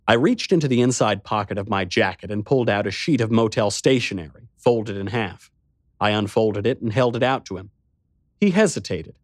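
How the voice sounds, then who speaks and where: A man's voice: lowish voice, dry recording, studio quality. A man reading a first-person story aloud in a wry, sardonic manner. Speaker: narrator. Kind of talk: first-person audiobook narration.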